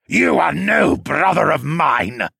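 An outraged young clan heir who shouts his lines slowly and forcefully, as a man reading a story plays him. The voice is husky and full of gravel. It is recorded dry and close. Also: fairly high pitch, animated, no echo, pitched above the performer's own voice, heavily acted. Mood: anguished. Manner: bellowing, slow and forceful.

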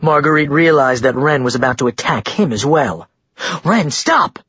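A male audiobook narrator reading in a steady storytelling manner. His voice is mid-pitched and very husky. The recording is dry, with no room sound, and its tone is dull. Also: fairly quick, no room sound. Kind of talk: scripted narration.

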